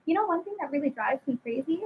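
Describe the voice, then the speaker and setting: Over a tinny phone-style line with faint noise, a woman hosts a relaxed spiritual conversation. She speaks quickly in a high, expressive voice, asking probing questions with a preachy tone.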